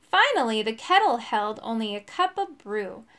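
A woman's voice: on the high side, big pitch swings, normal speed, fairly bright tone. A woman reading a children's story aloud, giving each character a voice.

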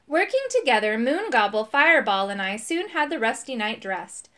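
A woman reading a children's storybook aloud, expressive and animated. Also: a little high, moderate pace. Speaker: audiobook reader.

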